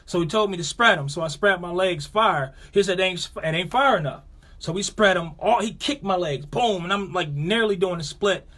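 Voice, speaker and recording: A man's voice: high-pitched, normal speed. A man with a Buffalo, New York accent, co-hosting a podcast, telling a story in casual chat and acting out quotes with a raised voice. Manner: animated, acts out quotes with raised voice. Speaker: podcast co-host.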